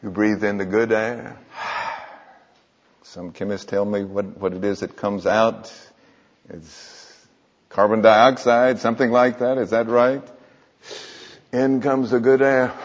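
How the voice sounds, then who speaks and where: A man's voice: fairly low pitch, slow pace, long pauses. A man preaching an earnest sermon in a church, asking the room rhetorical questions. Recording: muffled echoing church hall.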